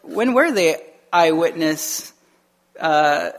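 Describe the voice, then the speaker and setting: A male pastor preaching a casual, conversational sermon in church, lively and full of restarts, acting out the voices he quotes. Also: on the high side, drawn-out words. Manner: casual and chatty, with frequent restarts and laughs. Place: church sanctuary, also streamed online.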